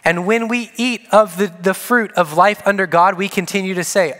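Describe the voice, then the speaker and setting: A man's voice: high voice, fairly even intonation, moderate pace, a bit bright. A man preaching a sermon to his congregation, earnest, repeating key phrases for emphasis. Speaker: pastor. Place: church sanctuary. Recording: long church hall reverb.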